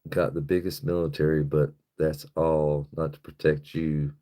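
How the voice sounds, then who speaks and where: A man's voice: extremely low pitch, level tone, moderate pace, warm tone. A man chatting casually on his live stream, rambling loosely and swearing freely, into a phone on a stick.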